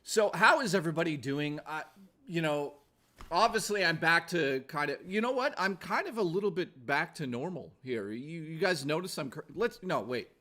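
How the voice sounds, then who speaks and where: Male streamer at home, lively swinging voice, raunchy rambling banter. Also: fairly high pitch, moderate pace, a little hiss or hum. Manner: crude, profane joking, rambling. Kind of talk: casual livestream chat.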